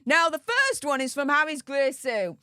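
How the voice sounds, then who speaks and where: A woman's voice: high-pitched, sing-song, normal speed, sharp tone, no echo, clean studio sound. A woman hosting a live-stream commentary, chatty and gushing in her thanks to viewers. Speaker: livestream commentary host.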